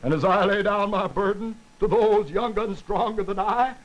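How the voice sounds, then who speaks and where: A man's voice: high voice, moderate pace, highs cut off, voice pushed up, close to an everyday voice. A man putting on an emotional politician whose voice breaks as he makes a solemn speech.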